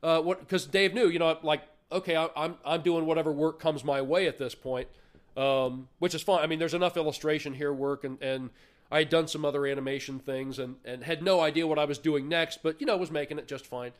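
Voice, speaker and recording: Interview guest, man, somewhat high-pitched, loose rambling storyteller. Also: fairly even intonation, a little fast. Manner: rambling storyteller, lots of restarts. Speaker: interview guest, artist and puppet builder. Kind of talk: casual interview chat.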